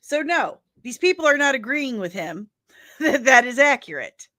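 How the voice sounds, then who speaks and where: A woman's voice: high voice, big pitch swings, normal speed, pushed and bright. A woman from St. Louis with a St. Louis accent, hosting a daily comics news show in a casual ranting commentary, emphatic and exasperated, often ending her points with "okay?". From St. Louis, Missouri.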